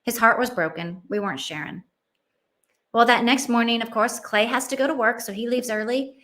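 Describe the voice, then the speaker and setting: A woman's voice: a little high, moderate pace, fairly bright tone. A middle-aged woman hosting a Christian parenting show, telling a family story in an earnest, heartfelt way. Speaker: Christian parenting podcast host. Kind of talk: personal storytelling.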